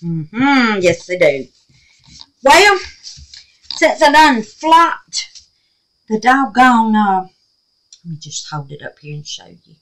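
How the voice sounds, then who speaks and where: A woman's voice: on the high side, very animated, slow, pauses often, a bit bright, low-quality recording. An older woman with a Southern US accent hosting a casual crafting vlog, chatty and gushing, calling her viewers honey and babies. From Mississippi, USA. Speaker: resin craft channel host.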